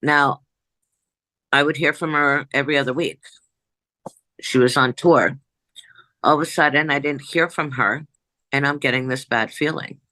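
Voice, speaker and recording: A woman, a psychic medium, telling a story in an interview in an animated way, jumping back and forth and acting out what people said. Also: deep voice, moderate pace, dry recording, low-quality recording. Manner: animated, jumps back and forth, acts out quoted dialogue.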